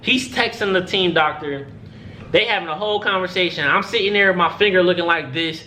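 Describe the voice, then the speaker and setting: A man's voice: sits high, a little fast, a little hiss or hum. A young man telling a story in a casual, profane way, acting out what other people said. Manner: animated, profane, acts out other people's lines.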